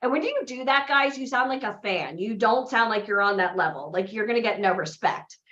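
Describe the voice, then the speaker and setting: A woman's voice: medium pitch, a little fast, fairly bright tone. A woman coaching aspiring actors and models at a live seminar, telling stories and checking in with "right?". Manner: chatty storyteller, often adds "right?". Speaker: acting and modeling bootcamp coach. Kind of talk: motivational seminar talk to a live group. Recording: echoey, slightly dull room recording.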